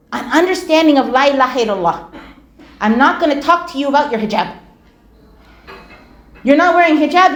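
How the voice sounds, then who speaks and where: एक महिला जो धार्मिक व्याख्यान में कहानियाँ सुनाती है, जोश से बोलती है और बात पर ज़ोर देने के लिए शब्द दोहराती है। उसकी आवाज़ ऊँची है, और वह एक गूँजते हॉल से सुनाई देती है।. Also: female voice, high voice. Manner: animated, acts out quoted voices, repeats words for emphasis. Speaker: Islamic lecturer. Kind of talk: storytelling religious lecture. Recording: echoey hall.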